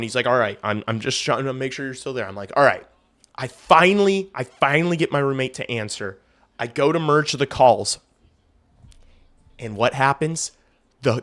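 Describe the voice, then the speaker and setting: A man's voice: medium pitch, sharp tone. A young man hosting a hockey livestream, telling a rambling story between casual play-by-play calls, swearing freely.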